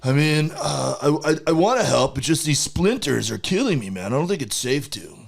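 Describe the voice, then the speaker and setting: A man's voice: a little high, sing-song, vocal fry, pitched above the performer's own voice, full character voice. A man voicing a lazy, tired male beaver who whines about work and pleads for a lunch break. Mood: whiny. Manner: whiny, pleading, drawn-out.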